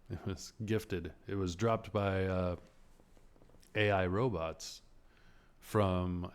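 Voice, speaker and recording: A man's voice: deep voice, darkish tone. A man talking casually as a podcast host, rambling and sarcastic, swearing freely and laughing often as he vents. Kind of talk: casual movie rant.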